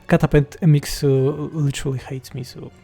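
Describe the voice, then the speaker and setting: A man's voice: a little high, flat delivery, takes it slowly, gravelly, mellow, breathy edge, faint music behind. A man from Poland with a Polish accent, a game mod developer reading chat questions aloud and answering them bluntly and jokingly on a livestream.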